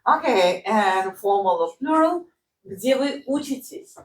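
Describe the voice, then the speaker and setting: A woman's voice: mid-range voice, animated, measured pace, roomy sound, recorded from a distance, slight background noise, low-quality recording. A woman who speaks Russian natively, teaching a language lesson in English and having the learner repeat phrases after her. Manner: patient, drills phrases for repetition, checks with "right?".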